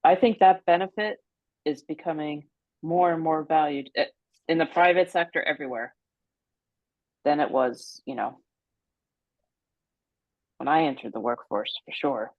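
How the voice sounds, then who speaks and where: A woman's voice: deep voice, unhurried, long pauses, dry recording, phone-quality sound. A woman on a committee discussing budget items, conversational and thinking aloud. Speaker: committee member. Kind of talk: meeting discussion.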